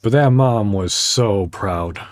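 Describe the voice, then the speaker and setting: Man, very low voice, slow halting delivery, podcast host, dry close sound. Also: dry recording. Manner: halting, many fillers, heartfelt storytelling. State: choked up. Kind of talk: casual chat.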